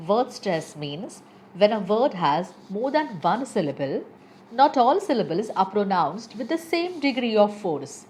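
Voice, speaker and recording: A woman teaching English pronunciation, reading word lists slowly and stressing syllables deliberately. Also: mid-range voice, darkish tone, slight background noise. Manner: reads word lists aloud with exaggerated stress. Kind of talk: slow, deliberate pronunciation lesson.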